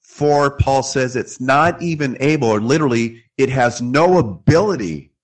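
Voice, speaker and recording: A man's voice: mid-range voice, animated, moderate pace. A man earnestly explaining scripture in a theological discussion, quoting verses as he goes.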